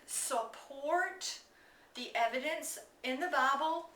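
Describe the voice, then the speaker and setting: A woman's voice: high-pitched, takes it slowly, bright, forceful tone. A woman giving an informal lesson on word origins, chatty, with many fillers and restarts. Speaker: teacher. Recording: echoey room, mic at a distance.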